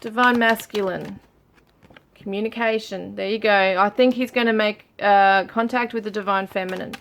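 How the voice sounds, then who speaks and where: A woman's voice: medium pitch, steady tone, normal speed, noisy background. Musing woman giving a tarot reading. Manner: musing, reads card messages aloud with many fillers. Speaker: tarot reader. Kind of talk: casual tarot reading for viewers.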